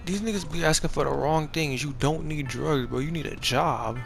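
A man's voice: fairly high pitch, moderate pace, gravelly. A man giving casual gameplay commentary, rambling along in profane, slangy, laid-back talk. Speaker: gamer streaming a playthrough.

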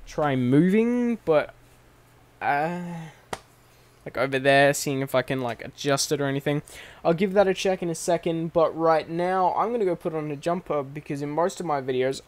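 A young man, talking casually to his channel from his bedroom desk setup. He rambles, swears freely and corrects himself as he goes. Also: a little high. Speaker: channel host. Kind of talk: casual vlog monologue. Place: bedroom recording setup at home. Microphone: microphone on a stand at his desk.

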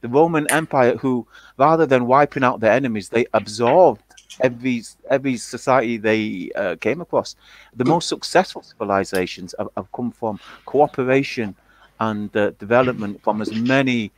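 A man in casual chat, talking haltingly with many fillers and restarts. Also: medium pitch, rough recording.

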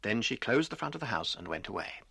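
A man narrating a children's story in a gentle storytelling manner, acting out the characters' lines. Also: fairly low pitch, sing-song, fast, gravelly, husky, no room sound.

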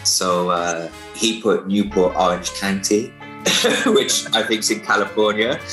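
A man's voice: lowish voice, takes it slowly, sharp tone, roomy sound, soft background music, poor audio. A man with a Welsh accent telling travel anecdotes in casual chat, laughing often. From England. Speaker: travel vlogger looking back.

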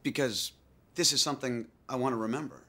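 A man's voice: medium pitch, fairly quick, breathy edge. An actor playing a resentful man who refuses to forgive his best friend in a film comedy. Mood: stubborn. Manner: flat, stubborn, cutting.

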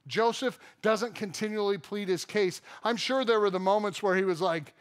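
A man's voice: high-pitched, moderate pace, smooth. A man in his thirties, a pastor with a Midwestern American accent, preaching a conversational, joking sermon in a church auditorium. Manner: conversational, jokey preaching with sudden loud outbursts.

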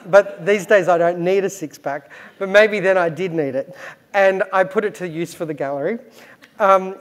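A middle-aged Australian man telling cheeky, self-deprecating stories to an event audience, laughing at himself and pausing often on "um". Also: a little high. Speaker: gallery director speaking at an arts event. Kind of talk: anecdotal storytelling to an audience. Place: event space with a live audience.

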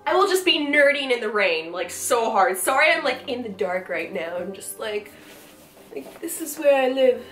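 Bright, gushing woman vlogger. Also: a little high, moderate pace, faint music behind. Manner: gushing, excitable, swears casually. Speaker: vlogger opening fan mail. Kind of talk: casual chat. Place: at home. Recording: roomy echo.

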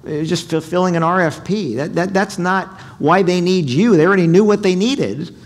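Lively male seminar speaker. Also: sits high, moderate pace. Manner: animated, asks the audience questions, acts out quotes. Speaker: keynote speaker. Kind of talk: sales seminar talk. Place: hotel conference room.

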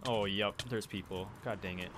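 A young man giving casual let's-play commentary, excitable and jokey, trash-talking other players and yelping when he gets hit. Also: lowish voice, moderate pace, heavy background noise. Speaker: gameplay commentator. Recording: faint keyboard clicks behind.

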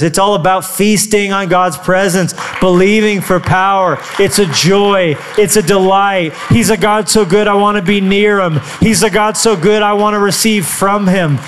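A male pastor with a high voice delivers a sermon in an energetic, playful way. He throws in quick asides and prompts the congregation to answer back. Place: church auditorium.

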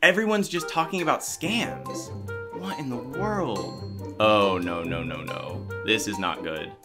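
A man giving excited, animated commentary while playing a video game, often exclaiming and reading chat aloud. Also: on the low side, slow pace. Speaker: gaming YouTuber. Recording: music playing under the voice.

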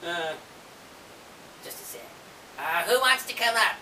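A woman's voice: mid-range voice, animated, measured pace, sharp tone. A woman chatting casually as host of a homemade puppet show and talking to a viewer, recorded from a distance in an echoey room with faint hiss. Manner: chatty, friendly, addresses the viewer.

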